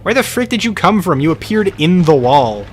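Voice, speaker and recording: A man's voice: high-pitched, big pitch swings, normal speed, slight background noise. A man streaming a game, chatting casually and playfully with his viewers in a rambling way.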